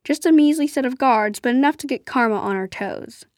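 A woman narrating an adventure story aloud in a steady storytelling way. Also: high-pitched, a little fast, no echo, clean studio sound. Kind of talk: storybook reading.

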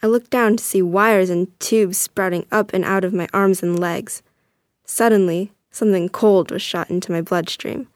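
Give me a young woman reading a first-person story in a steady, earnest way, medium pitched. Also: normal speed, hardly any pauses, no room sound. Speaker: narrator.

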